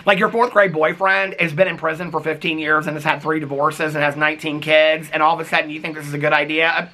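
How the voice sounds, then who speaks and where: Man, TV reaction vlogger, sassy and expressive, bright tone. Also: high voice. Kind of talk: casual chat recapping a reality show.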